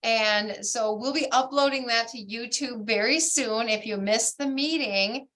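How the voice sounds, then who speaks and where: A woman's voice: fairly high pitch, unhurried, a bit bright. Bubbly, gushing woman hosting a video call. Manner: bubbly, gushing, keeps saying "oh my gosh". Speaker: bead society meeting host.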